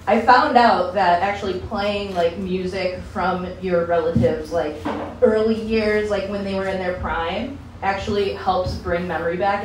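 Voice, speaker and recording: A woman's voice: fairly low pitch, a little mellow, slight background noise. A woman doing a stand-up comedy set, chatty and loose, who often laughs through her own lines. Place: comedy lounge stage. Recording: echoey room, mic from far.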